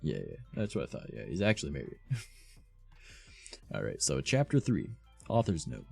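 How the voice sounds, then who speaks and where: A man with an extremely low, gravelly voice reads fanfiction on a live stream at home. His husky delivery swings up and down as he breaks off for sarcastic asides. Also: wildly swooping pitch, unhurried, pauses often, soft background music. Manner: sarcastic asides between dramatic readings.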